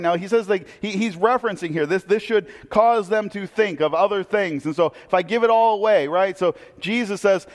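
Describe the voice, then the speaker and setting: In a large hall, a pastor with a high voice preaches earnestly at a normal speed. He frequently says a word twice as he launches into a thought.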